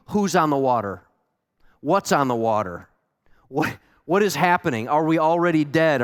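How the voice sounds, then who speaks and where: A male pastor preaching a sermon, earnest and animated, repeating words for emphasis. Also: a little high, smooth, big-room sound. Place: church sanctuary.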